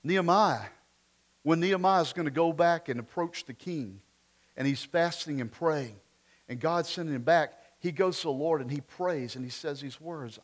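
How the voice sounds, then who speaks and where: A pastor with a drawl delivers a sermon in a slightly higher-than-usual voice. He talks with the congregation, tossing out rhetorical questions. His delivery swings from loud emphatic bursts down to quiet, almost muttered asides. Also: moderate pace.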